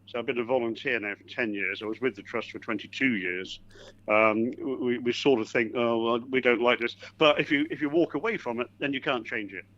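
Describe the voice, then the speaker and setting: An older man with a Hampshire accent rings in to a chat show. He is polite and genial, often pausing on fillers. His voice comes through a dull, muffled line. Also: mid-range voice, a bit bright. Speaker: caller. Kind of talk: phone-in conversation.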